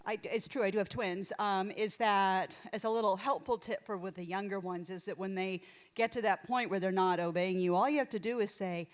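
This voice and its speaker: A woman's voice: mid-range voice, brisk, fairly bright tone. Rambling self-deprecating woman comic. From Texas. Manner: rambling, self-deprecating, lots of fillers and restarts. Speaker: stand-up comedian. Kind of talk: stand-up set. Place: small theater stage, live.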